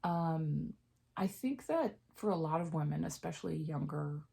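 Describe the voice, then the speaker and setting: A woman vlogger chatting candidly while doing her makeup, jumping up in pitch at times and dropping into half-whispered asides. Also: expressive, a little slow, creaky, warm tone.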